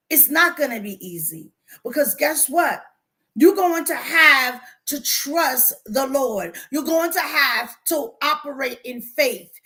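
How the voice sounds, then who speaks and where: A woman life coach speaking on a livestream to her viewers, animated and preachy. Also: high voice. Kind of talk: livestream motivational talk.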